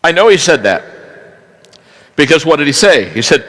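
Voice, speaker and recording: Brief: male preacher, high and bright, lively storyteller swinging hushed to loud. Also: a little fast, pauses often, low-quality recording. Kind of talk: sermon.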